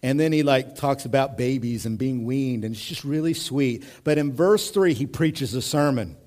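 A male pastor in his thirties preaching a sermon in an animated, conversational way, moving between hushed and loud. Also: medium pitch, moderate pace.

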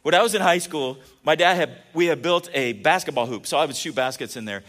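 Bright, high-voiced man preaching. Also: a little fast. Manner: chatty and joking, with many restarts. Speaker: pastor. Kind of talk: sermon.

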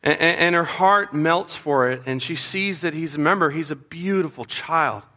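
A man preaching a Bible story to children, animated and acting out the voices of the people in it. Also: fairly high pitch, normal speed. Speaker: children's pastor. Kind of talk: storytelling sermon.

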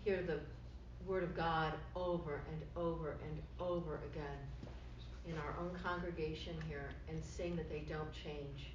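A woman's voice: low voice, steady tone, measured pace. A woman who has worked in ministry, speaking seriously and reflectively in a Bible study discussion. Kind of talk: group discussion. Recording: distant, roomy, muffled recording with noise.

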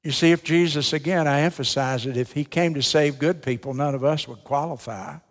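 A man's voice: on the high side, fairly quick. An older man preaching a folksy, emphatic sermon as a Baptist preacher, with rhetorical questions to the congregation. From United States. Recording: long hall reverb.

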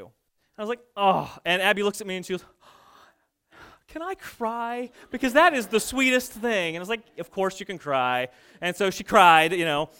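A pastor in his thirties delivers a sermon, weaving in homey stories about his family. His voice sits high for a man and rings smooth and clear. He talks in a relaxed, conversational way and pokes fun at himself. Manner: conversational, self-deprecating storytelling. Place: church stage.

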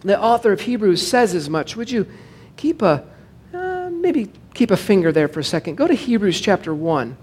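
A man, a pastor, preaching a sermon in a casual, digressive way, joking with the congregation and slowing down to stress scripture. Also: sits high, sing-song, a little mellow, slightly rough. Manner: conversational and digressive, with jokes to the congregation.

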